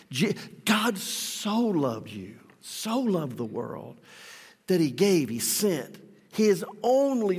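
A male pastor preaching a sermon in a church, emphatic, swinging from loud declarations to soft asides. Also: sits high, husky, long reverb tail.

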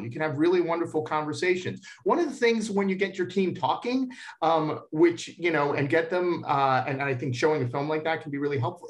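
A middle-aged man, an expert guest and parent, answering interview questions earnestly, repeating words as he thinks aloud. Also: on the high side.

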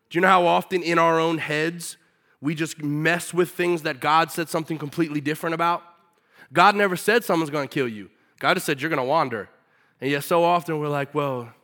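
A man preaching a sermon in a casual, animated way with everyday slang. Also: on the high side.

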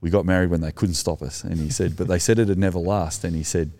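A man's voice: sits low, steady tone, fast, dark tone. An Australian man, an Anglican minister co-hosting, telling a story in an earnest, reflective way. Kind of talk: conversational storytelling.

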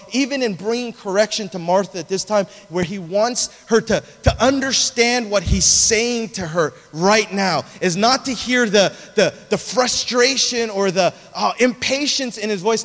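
A man preaching a sermon, telling a story in an animated, conversational way, in a large cathedral. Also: high voice. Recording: long reverb of a large hall.

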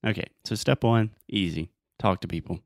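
A young American man with a light Southern accent and a very low voice talks through advice step by step. He sounds relaxed and easygoing. The recording is dry and close. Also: moderate pace, dry recording. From United States. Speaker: host. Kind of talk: casual advice chat.

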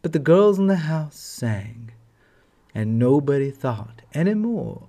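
A man narrating a fairy tale as host of a storytelling channel, gentle and affectionate. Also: on the high side, big pitch swings, takes it slowly.

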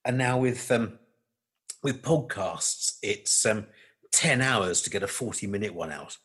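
A male podcast co-host chatting and telling a story in an animated way, with halting fillers and a husky voice. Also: lowish voice. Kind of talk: casual chat.

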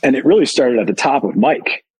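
A husky-voiced man telling a story on a podcast, animated and candid. His voice has a breathy rasp at a middle pitch. He pokes fun at himself as he talks. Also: a little fast, rough recording. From Chicago. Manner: animated, candid, self-deprecating. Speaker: guest, company founder. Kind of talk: casual storytelling.

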